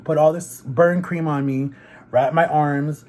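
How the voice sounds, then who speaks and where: A man tells a story on camera while eating, pausing between bites. His voice sits a little high for a man, and the telling is animated and loose, full of "like" and "literally." It is relaxed vlog chat, not a polished performance. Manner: animated, rambling, fillers of like and literally. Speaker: vlogger. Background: eating on camera between sentences.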